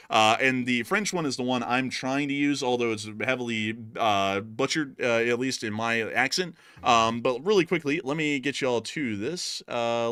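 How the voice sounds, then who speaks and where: A man's voice: medium pitch, pushed and bright, dry recording, studio quality. An American man hosting a live war-news stream, talking to viewers with plenty of filler words. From United States. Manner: talkative, many filler "uh"s, addresses viewers as folks. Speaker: war news show host.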